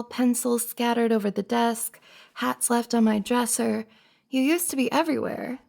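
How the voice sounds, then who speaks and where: A woman's voice: a little high, gravelly. Woman as a pleading best friend, whispered role-play. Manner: soft, pleading, earnest, hesitant. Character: flustered best friend confessing feelings. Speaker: ASMR roleplay performer.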